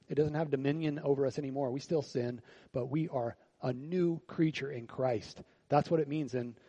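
A pastor preaching a sermon at a church service in a conversational way. He keeps asking the congregation rhetorical questions and swings between quiet, reflective lines and louder, animated bursts. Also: medium pitch, husky, poor audio.

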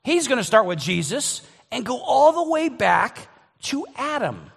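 A man's voice: extremely high pitch, big pitch swings, measured pace, creaky, a bit bright, slightly rough, long reverb tail. A man preaching a sermon in a conversational way, often restarting and repeating words as he thinks aloud. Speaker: pastor.

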